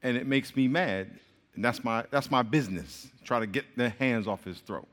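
A man preaching a sermon to a crowd in a lively, joking way, speaking straight to them. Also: medium pitch, normal speed. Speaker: pastor. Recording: long hall reverb.

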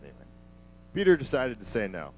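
A man's voice: medium pitch, huge pitch swings, quick pace, a little mellow, a little hiss or hum, low-quality recording. A man preaching a sermon in a conversational, emphatic way, vividly retelling a scripture passage.

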